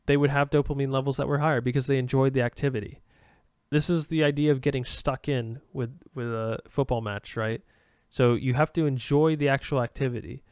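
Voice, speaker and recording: A man's voice: medium pitch, darkish tone, smooth, no echo, clean studio sound. A man hosting a solo podcast, rambling and self-aware, with frequent restarts and fillers. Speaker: podcast host.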